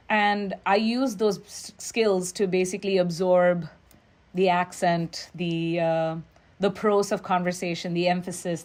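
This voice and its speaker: A woman from Nigeria, a musician and educator, speaking as an interview guest, reflective, with stories and quick quoted asides. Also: lowish voice, a little mellow. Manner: reflective, storytelling, quoting others in quick asides. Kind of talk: interview conversation.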